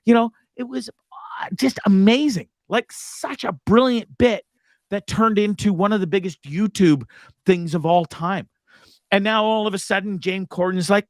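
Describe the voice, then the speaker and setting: A man's voice: high-pitched, normal speed, dry recording, studio quality. A man hosting a live talk show, ranting casually with lots of profanity. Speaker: host.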